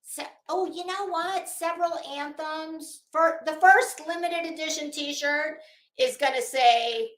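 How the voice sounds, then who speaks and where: A woman's voice: high-pitched, measured pace, fairly bright tone, echoey room. A middle-aged woman from Florida with a Florida Southern accent, hosting a casual livestream, chatting frankly, swearing freely and greeting viewers by name. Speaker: livestream host.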